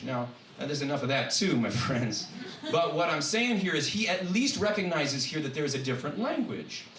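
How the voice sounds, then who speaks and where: Animated joking man in an echoey church. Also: a little high. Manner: animated and joking, with frequent asides. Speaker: guest speaker and college professor. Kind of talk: humorous sermon-style talk. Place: church hall. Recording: echoey hall from far off, faint noise.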